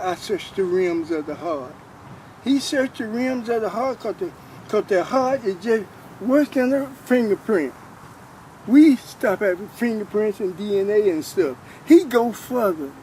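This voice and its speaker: A man's voice: high-pitched, dark tone, a little hiss or hum, low-quality recording. An older man giving an earnest, informal testimony about faith, repeating himself as he preaches.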